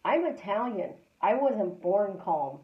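A woman hosting a live stream as a life coach, talking casually and repeating calm affirmations in a chatty, storytelling way. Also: medium pitch, slow, roomy sound, narrow, tinny audio.

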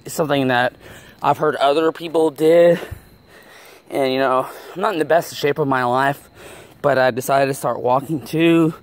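A man's voice: mid-range voice, fairly even intonation, moderate pace, lightly acted. An actor playing a nervous, out-of-shape man who rambles apologetically while vlogging outdoors, out of breath. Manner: apologetic, rambling, with many ums. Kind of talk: film acting as a self-filmed video log. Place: outdoors, walking near an apartment complex.

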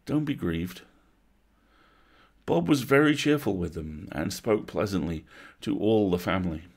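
A man reading a classic story aloud at a measured, atmospheric pace, as a bedtime story. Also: low voice, sing-song, vocal fry.

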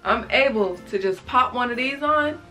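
A woman's voice: a little high, expressive, normal speed, pushed and bright, faint music behind. A young woman showing what's in her bag to her viewers, chatty and casual, calling them y'all. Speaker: beauty vlogger. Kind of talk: casual show-and-tell vlog.

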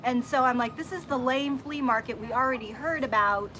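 A high-pitched woman hosts a relaxed chat and tells a story with lots of energy, playing out each quoted line herself. The recording carries clear background noise. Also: a little fast. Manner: animated storyteller acting out quotes. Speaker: host. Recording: background noise from a nearby worker.

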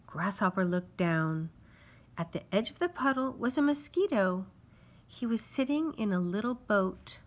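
A woman reading a children's storybook aloud in an expressive, sing-song way. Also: medium pitch, measured pace. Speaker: storybook reader.

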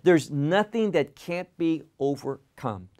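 A man teaching verse by verse through a Bible passage, deliberate and emphatic, often repeating words for stress. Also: a little high, animated, a little mellow.

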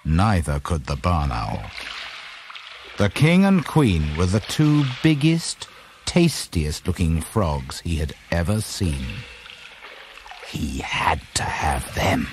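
A man reading a children's storybook aloud in a lively, expressive scripted narration. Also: sits low, slow, slight background noise. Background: background music.

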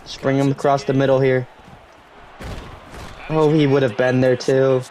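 A young gaming YouTuber gives live commentary on his own football video game, cheering loudly on big plays and grumbling when things go wrong. His mid-range voice has a flat delivery at a measured pace.

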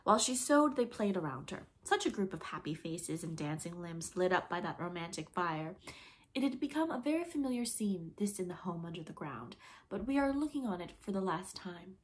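A woman narrating a classic storybook in an expressive, lively reading manner. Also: on the low side, a little fast. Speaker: audiobook reader.

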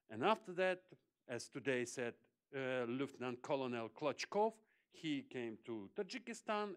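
A man speaks on a forum panel with passion, his English halting and broken by apologies. His voice sits in an ordinary middle pitch. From Chechnya. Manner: halting non-native English, frequent apologies, emphatic. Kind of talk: impassioned panel remarks.

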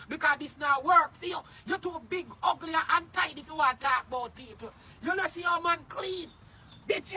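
Shouting high-voiced Jamaican man. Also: slight background noise. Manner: loud, cursing, often shouting. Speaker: social media personality. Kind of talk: angry livestream rant.

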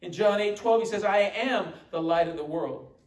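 A man's voice: high-pitched, moderate pace. A man preaching a sermon as pastor, emphatic and quoting scripture. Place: church sanctuary. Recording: echoey church room from far off.

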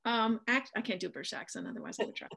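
Speaking very fast with lively intonation, this middle-aged author from the American Midwest tells a long, um-filled story as an interview guest. Her voice is a little high, creaky, and fairly bright.

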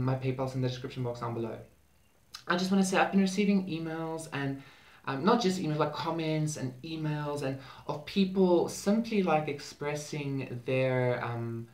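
A man who works as a spiritual channel, talking in an earnest, effusive vlog manner and repeating words for emphasis. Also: mid-range voice. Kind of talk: heartfelt spiritual vlog talk. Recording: roomy echo, mic at a distance.

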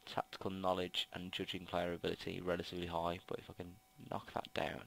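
Young Brummie guy, low and bright-toned, rambling headset game commentary full of ums. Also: monotone, a little fast, creaky, rough recording. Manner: rambling, heavy on ums and restarts. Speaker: gaming commentator. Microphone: gaming headset mic.

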